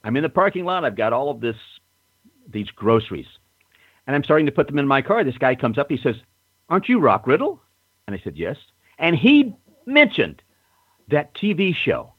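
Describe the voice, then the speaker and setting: An older man telling stories in a casual interview, self-assured and animated, acting out other people's lines. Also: mid-range voice, normal speed, slightly rough, no room sound. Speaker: guest storyteller. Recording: muffled phone-line audio.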